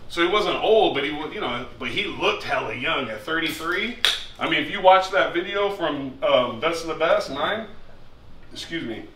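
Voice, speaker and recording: A man from San Jose, an animated, profane storyteller who acts out what others said. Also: fairly high pitch, moderate pace. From San Jose, California. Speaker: dancer guest. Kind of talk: casual storytelling. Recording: echoey room, distant mic, faint noise.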